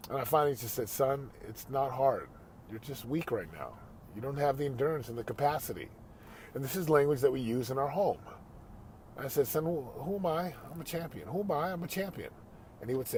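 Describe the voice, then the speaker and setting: Male podcast host, middle-pitched, earnest storyteller who turns coach-like and preachy, slight background noise. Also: expressive, brisk, a little mellow. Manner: earnest, conversational, preachy pep-talk delivery. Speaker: father.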